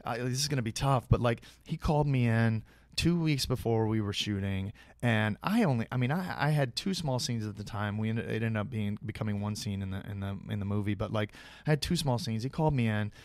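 A man, a guest actor on a podcast, telling animated behind-the-scenes anecdotes in casual conversation, full of fillers and restarts. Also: lowish voice, a little fast, no echo, studio quality.

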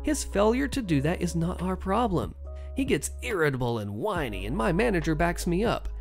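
Story narrator, sardonic, lively pitch swings, faint music bed. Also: moderate pace, vocal fry. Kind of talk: first-person story narration.

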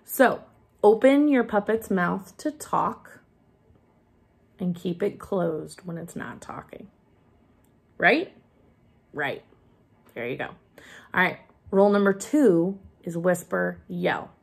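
A woman teacher giving a gentle, hands-on craft lesson for young children while she demonstrates each step. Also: on the low side, animated, slow pace, vocal fry, long pauses, husky.

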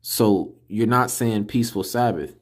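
A man giving a casual screen-recorded lesson, slowly sounding out syllables and repeating words to drill them. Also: on the low side. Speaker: religious teacher. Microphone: computer mic while screen recording.

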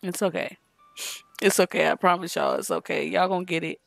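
A woman's voice: on the low side, flat delivery, brisk, creaky, dry recording, soft background music. A woman hosting a gaming channel, giving casual, chatty, slangy commentary on a life-sim game at a desk mic. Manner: chatty, slangy, breaks into sing-song.

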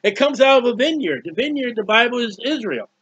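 A man's voice: extremely high pitch, very animated, fairly quick, fairly bright tone, slightly rough, dry recording. A man preaching a fervent sermon, with many restarts and repeated words. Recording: dull lo-fi recording.

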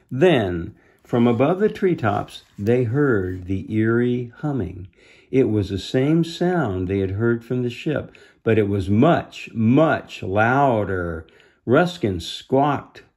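A man reading a children's book aloud, pausing to explain the story gently to young listeners. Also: medium pitch. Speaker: storybook reader.

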